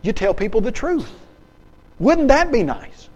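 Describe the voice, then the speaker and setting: A man giving a seminar lecture. He is lively and emphatic, acts out little dialogues and keeps firing questions at his audience. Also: extremely high pitch, unhurried, slightly rough, lo-fi sound. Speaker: seminar speaker. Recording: long hall reverb.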